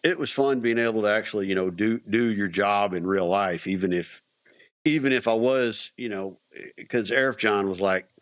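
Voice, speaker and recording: A man's voice: lowish voice, normal speed. A middle-aged man, a veteran guest on a podcast, telling stories casually with many restarts and fillers. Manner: rambling, many restarts, acts out quotes. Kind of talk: casual storytelling interview.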